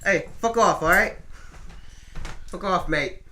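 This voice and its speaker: A man's voice: high voice, slow pace, bright, forceful tone, slight background noise, full character voice. A man putting on a mock British-Irish accent to play a swaggering, cursing male wrestler. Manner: swaggering, swearing, tacks on "mate".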